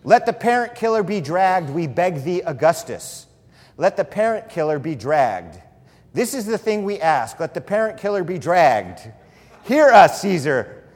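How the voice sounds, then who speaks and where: A man's voice: high-pitched, very animated, long reverb tail, voice pushed up, exaggerated voice. A man intoning an ancient crowd's droning chant. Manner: slow, droning ritual chant.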